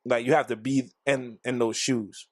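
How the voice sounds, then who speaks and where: A man co-hosting a podcast in casual chat, profane and joking, acting out scenes loudly. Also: mid-range voice, fairly even intonation, moderate pace, no echo, clean studio sound. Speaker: podcast co-host.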